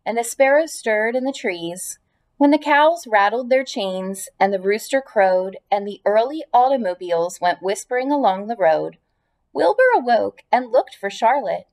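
A woman teacher reads a children's chapter book aloud. Her voice sits fairly high and her delivery is calm and measured. She tells the story in a steady, clear storytelling manner. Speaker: elementary school teacher.

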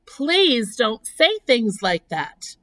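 A woman voicing an innocent, tender-hearted young male pig who pleads slowly and sounds aghast. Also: mid-range voice, sing-song, creaky, full character voice.

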